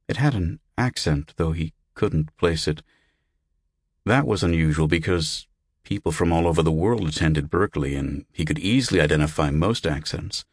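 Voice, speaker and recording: A man narrating an audiobook in a measured, even manner on a close mic. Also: extremely low pitch, slightly rough, no room sound.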